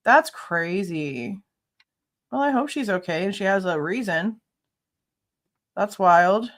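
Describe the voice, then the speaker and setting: A woman's voice: medium pitch, animated, slow pace. A woman hosting a casual livestream, chatting with viewers and greeting them by name, laughing often. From Ohio. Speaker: livestream host.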